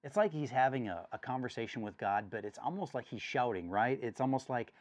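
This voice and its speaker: A man's voice: mid-range voice, brisk. A man leading a church study, giving an earnest devotional talk and growing more intense as he reads scripture. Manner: earnest, rising intensity when reading.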